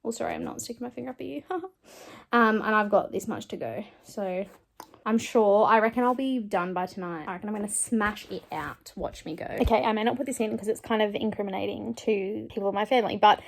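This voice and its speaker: A woman chatting casually in a book vlog, emotional and animated as she reacts to her reading. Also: mid-range voice, fairly quick, vocal fry. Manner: chatty, emotional, reads passages aloud. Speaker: book vlogger.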